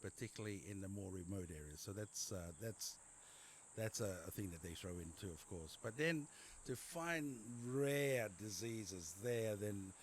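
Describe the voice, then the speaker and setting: A middle-aged man with an Australian accent speaks in a fairly low voice. He talks casually in an interview, rambling, restarting and repeating words as he tells his story. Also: lively intonation, unhurried, a little hiss or hum. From Papua New Guinea. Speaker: general practitioner guest. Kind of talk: conversational interview.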